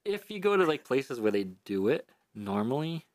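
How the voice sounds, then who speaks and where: A man's voice: mid-range voice, very animated, moderate pace, no room sound. A man co-hosting a podcast in casual chat, crude and joking in an offhand way. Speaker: podcast co-host.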